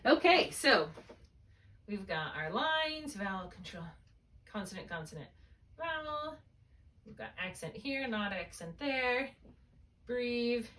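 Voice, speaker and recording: A woman's voice: a little high, big pitch swings, slow pace, pauses often, sharp tone, slight background noise. A middle-aged woman tutoring a student in spelling, patient and encouraging, drawing out syllables to model them. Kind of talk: one-on-one spelling lesson.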